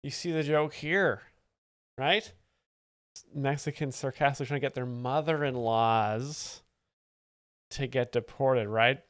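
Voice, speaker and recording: Brief: male host, smooth clear voice, dry close mic, straight-faced mock expert. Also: mid-range voice, measured pace, long pauses, no room sound. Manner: deadpan, faux-earnest. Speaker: host, joke explainer. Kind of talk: mock-expert comedic commentary.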